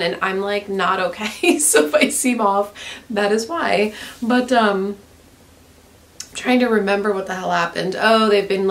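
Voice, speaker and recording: A woman rants through a casual book review in a slow, unhurried delivery. She talks bluntly, swears freely and fills her sentences with "like.". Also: mid-range voice, vocal fry. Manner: frank and profane, heavy use of "like". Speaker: book vlogger.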